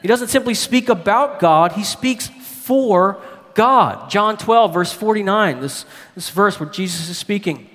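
A male preacher delivers a sermon with emphatic, rising stresses. His voice is fairly high for a man, and a long reverb trails each phrase through the hall. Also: measured pace, a bit bright. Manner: emphatic, leaps up in pitch for stress.

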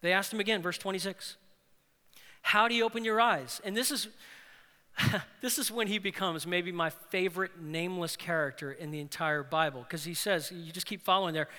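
Animated male pastor in a reverberant hall. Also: sits high, normal speed. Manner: animated, swings between loud and hushed. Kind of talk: sermon.

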